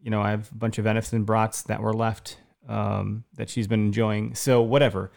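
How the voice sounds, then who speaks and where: Gravelly-voiced man telling a hunting story. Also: on the low side, normal speed. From Wisconsin. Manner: excited storyteller, many restarts. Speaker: podcast co-host. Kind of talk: casual chat, storytelling.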